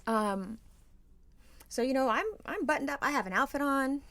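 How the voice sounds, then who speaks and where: A woman's voice: sits high, normal speed, no echo. A woman co-hosting a podcast, telling a story in casual chat and acting out the people she quotes. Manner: animated storyteller, acts out quoted voices. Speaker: podcast co-host.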